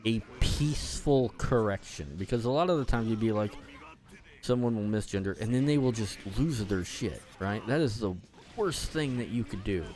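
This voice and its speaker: A man with a lowish voice rambling through a casual rant while playing a game. He talks loosely, full of "like" and "um" and restarts, and swears freely. Soft game music sits faintly behind him. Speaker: gaming channel host. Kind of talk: casual gameplay commentary rant.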